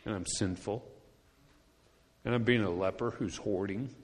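A man's voice: on the low side, unhurried. Storytelling male preacher in a reverberant church. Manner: conversational storytelling preaching with emphatic repetition. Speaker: pastor. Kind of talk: sermon. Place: church sanctuary. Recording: long church hall reverb.

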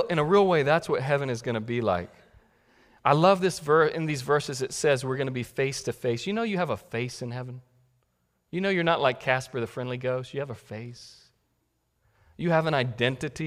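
Man preaching in a reverberant sanctuary. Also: mid-range voice. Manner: conversational, warm asides, rising to emphatic peaks. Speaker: pastor. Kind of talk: sermon.

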